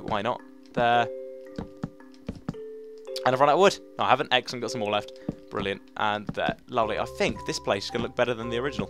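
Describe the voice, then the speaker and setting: A young man rambling excitedly through let's play commentary as he builds in a game, with lots of fillers. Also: medium pitch. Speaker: gaming host.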